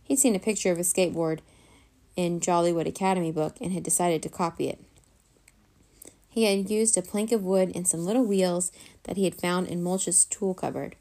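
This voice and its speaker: A woman reading a children's chapter book aloud in a gentle, even storytelling manner. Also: on the low side, moderate pace. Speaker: storybook reader.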